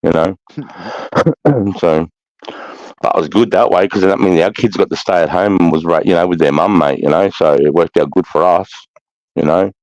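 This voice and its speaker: A man's voice: sits low, normal speed, a little mellow, dry recording. A middle-aged Australian man hosting a casual livestream chat, swearing freely and calling people mate. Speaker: livestream host. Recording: dull, lo-fi stream audio.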